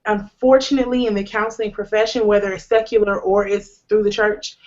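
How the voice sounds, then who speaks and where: A woman's voice: medium pitch, little pitch movement, brisk, a little mellow. Brief: young woman host, earnest and candid, slangy humor, slightly muffled recording. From United States. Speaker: host sharing a personal testimony. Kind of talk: candid conversational testimony.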